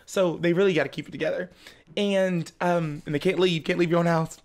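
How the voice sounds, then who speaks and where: A young man, a guest on a podcast, telling a personal story in casual chat, animated and laughing often. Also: on the high side, fairly quick, heavy background noise. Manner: animated, laughs often, slips into the voices of family members.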